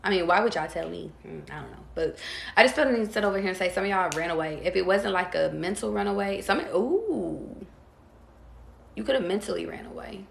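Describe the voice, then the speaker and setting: Gravelly-voiced woman giving a tarot reading. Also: mid-range voice, echoey room, slight background noise. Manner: calm, drawn-out, talks straight to viewers. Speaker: tarot reader.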